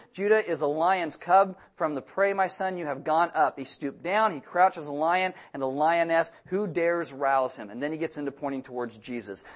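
A man preaching a sermon in a church, blunt and direct, with joking asides and sudden bursts of emphasis. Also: on the high side. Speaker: pastor.

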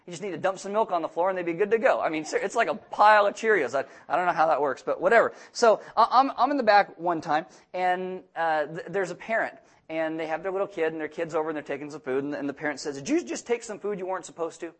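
A young man preaching a sermon, joking and acting out quoted people in animated voices. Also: on the high side, fast talker, few pauses. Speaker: pastor.

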